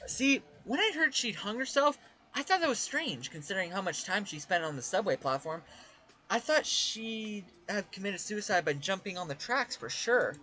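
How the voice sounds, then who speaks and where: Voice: medium pitch, animated, moderate pace, pushed and bright. A gamer reading game dialogue aloud, voicing a blunt, morbid young female psychology student in a cool, matter-of-fact way.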